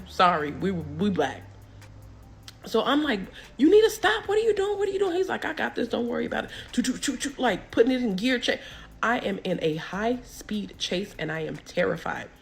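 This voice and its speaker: Gravelly-voiced woman telling a wild story. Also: lowish voice. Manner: animated, acting out the people she quotes. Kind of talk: casual storytelling.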